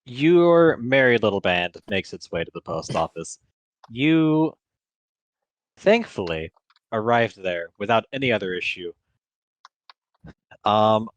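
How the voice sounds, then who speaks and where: Lively male game master. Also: fairly low pitch, no room sound. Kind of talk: narrating a tabletop game.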